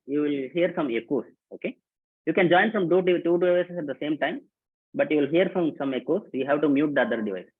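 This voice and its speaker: Over a tinny, phone-like video call, a male workshop host with a fairly high, husky voice greets participants to his live online session. He's casual and repetitive, calling out names and instructions.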